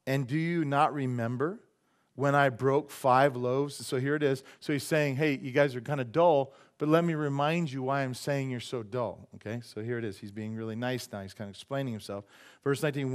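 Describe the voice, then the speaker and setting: A man preaching a sermon in a church, animated and joking, acting out quick voices for the people he talks about. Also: mid-range voice. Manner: animated, acts out voices and jokes with the congregation. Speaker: pastor.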